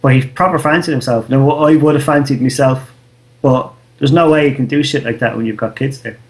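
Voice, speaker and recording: A man's voice: medium pitch, fairly quick. An Irish man in his thirties, co-hosting a podcast in casual chat, telling a loose, slangy story and swearing freely. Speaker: podcast co-host.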